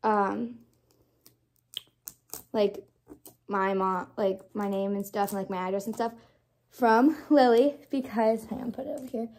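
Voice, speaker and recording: A young woman unboxing a doll for her vlog, gushing and squealing with excitement and repeating exclamations. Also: mid-range voice, a little slow, long pauses. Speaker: doll collector vlogger.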